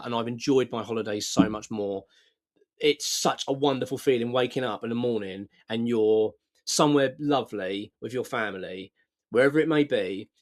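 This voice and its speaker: A middle-aged man, talking frankly and earnestly to camera, often stumbling and repeating himself. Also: medium pitch. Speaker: vlogger. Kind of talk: casual talk to camera.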